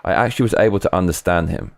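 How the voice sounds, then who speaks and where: A low, deep-voiced man hosts a casual livestream, reading out chat comments and riffing on them. His delivery rambles with restarts, and it sounds dry and close, with no room echo. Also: racing, creaky. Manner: rambling and animated, swinging pitch, frequent restarts. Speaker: livestream host.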